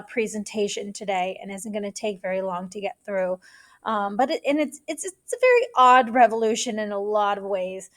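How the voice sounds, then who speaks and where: A middle-aged woman teacher giving a casual recorded history lecture to students, chatty and loose, with many fillers and asides. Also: medium pitch.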